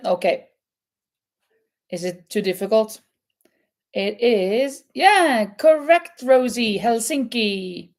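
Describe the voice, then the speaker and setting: A woman with a fairly high, darkish-toned voice hosts a casual live crochet chat. She reads quiz questions aloud, answers viewers, and laughs often.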